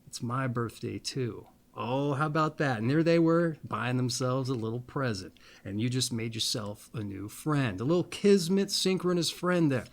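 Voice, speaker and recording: A man hosting an astrology video, rambling playfully with little asides, then reading a birthday text slowly and deliberately. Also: mid-range voice. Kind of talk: casual monologue and reading aloud.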